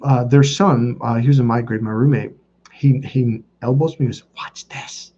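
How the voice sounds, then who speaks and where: Rambling, profane man with a dark, husky voice. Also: medium pitch, steady tone, normal speed. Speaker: dating coach. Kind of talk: casual storytelling monologue. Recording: dull lo-fi sound.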